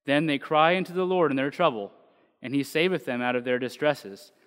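A man preaching casually to a congregation, joking in asides before reading a psalm aloud. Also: mid-range voice. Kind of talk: casual sermon with scripture reading. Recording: long hall reverb.

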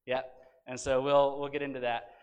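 A man's voice: mid-range voice, little pitch movement, normal speed, long reverb tail, muffled recording. A man teaching a Sunday school Bible lesson, reading scripture emphatically and asking rhetorical questions.

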